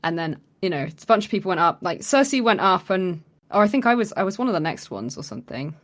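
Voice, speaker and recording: A woman's voice: on the low side, fast talker. A woman co-hosting a podcast, chatting casually and recounting a live-action role-play event with lots of laughter and acted-out quotes. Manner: animated storyteller, acting out quotes, laughing often. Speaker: podcast co-host.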